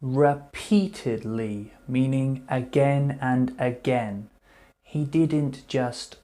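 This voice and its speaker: A man teaching English vocabulary, repeating each word slowly and clearly before explaining what it means. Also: mid-range voice, a little mellow. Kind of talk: slow vocabulary lesson.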